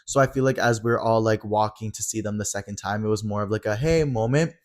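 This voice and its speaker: A young man co-hosting a podcast, retelling a night out in a fast, animated casual chat. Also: fairly low pitch. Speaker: podcast co-host.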